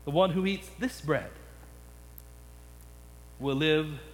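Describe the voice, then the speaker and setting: A man preaching an expository sermon, slowing down dramatically on key words. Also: a little high, big-room sound, soft background music, rough recording. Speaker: pastor.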